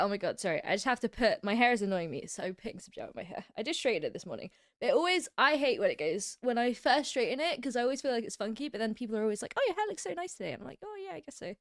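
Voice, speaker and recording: A woman's voice: a little high, no room sound, studio quality. A woman from England with an English accent, chatting casually on a livestream, rambling and laughing often. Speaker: streamer.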